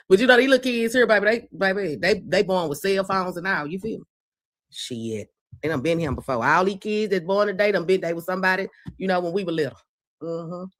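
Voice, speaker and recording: A woman's voice: lowish voice, no echo. Middle-aged Southern woman, livestream host, brash and profane, dry close sound, greets viewers one by one. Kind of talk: casual livestream chat. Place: porch.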